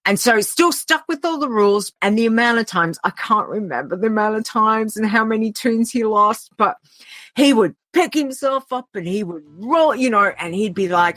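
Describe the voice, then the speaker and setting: An Australian woman speaks as a guest in a relaxed podcast chat. Her voice sits in a middle pitch, and she talks in an earnest, heartfelt way, often pausing and restarting her thoughts. Quiet music plays faintly in the background. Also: dry recording. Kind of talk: casual podcast conversation.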